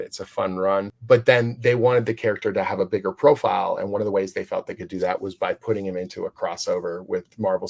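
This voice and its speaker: Low-voiced man rambling enthusiastically. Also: creaky. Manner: rambling, enthusiastic, many fillers and restarts. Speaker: comic book writer, guest. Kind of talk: casual interview storytelling.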